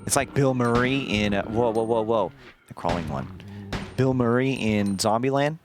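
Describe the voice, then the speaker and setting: A man streaming a video game, chatting casually and telling a rambling, profane story in an animated way. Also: medium pitch, normal speed, music in the background. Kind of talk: casual gameplay commentary.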